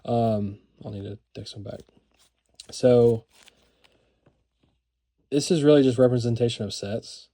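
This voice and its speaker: A mellow, low-voiced man who vlogs about card collecting chats his way through a casual show-and-tell. His narration rambles, is heavy with fillers, and sounds enthusiastic.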